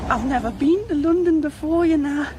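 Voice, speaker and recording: A woman's voice: high voice, normal speed, close to an everyday voice. An actress playing a proud, middle-aged mother from on her first trip to London, exclaiming "Eee" in wonder. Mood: awestruck. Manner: wide-eyed, breathy "Eee" exclamations. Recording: crowd noise behind.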